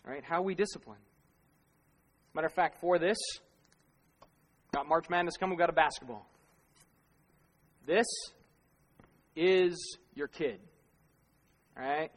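A man's voice: fairly high pitch, a little slow, pauses often. A male pastor giving a conversational sermon, asking rhetorical questions and laughing at himself now and then. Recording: long reverb of a large hall.

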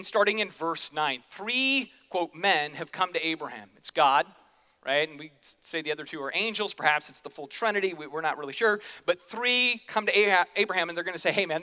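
A man's voice: on the high side, sharp tone. A man preaching a sermon in a casual, joking way, slipping into quoted voices, in a church hall. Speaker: pastor. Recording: long hall reverb.

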